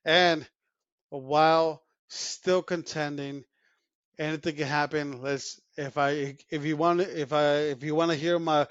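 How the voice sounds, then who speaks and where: A man's voice: fairly high pitch, dry recording. Man, casual sports podcast chat, rambling, filler-heavy, dull dry sound. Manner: rambling, lots of fillers and restarts, chuckles. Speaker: podcast co-host.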